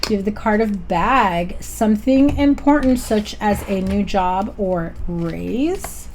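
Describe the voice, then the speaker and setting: A woman's voice: medium pitch, slow pace, darkish tone, slight background noise. A woman giving a casual tarot reading to viewers, chatty and upbeat, often checking in with "okay?". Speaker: tarot reader.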